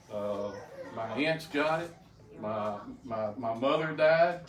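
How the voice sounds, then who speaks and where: A man's voice: mid-range voice, lively intonation, takes it slowly. An older man giving a folksy personal testimony to a group, plainspoken and often stammering into restarts. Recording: roomy, distant mic, faint background noise.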